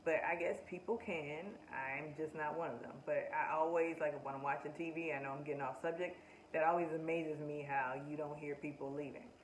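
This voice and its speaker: A woman's voice: sits low, fairly even intonation, brisk, slight background noise. A woman talking casually and with strong opinions as she reviews a show, speaking straight to her viewers. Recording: echoey room, distant mic, faint ambience.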